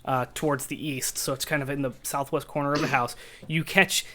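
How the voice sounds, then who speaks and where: A man narrating a tabletop game as game master, describing scenes in a halting way with many fillers. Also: mid-range voice, steady tone, pushed and bright.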